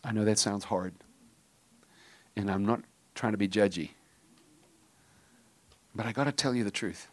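A middle-aged man delivers a sermon, his voice sitting a little low. He mixes casual, joking asides with moments where he drops to a hushed, intense tone. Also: measured pace, pauses often. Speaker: pastor.

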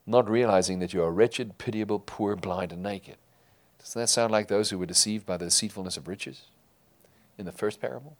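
A man preaching a sermon to his congregation, emphatic, rising loud and falling quiet. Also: lowish voice, a little fast. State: tearful while reading scripture. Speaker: pastor.

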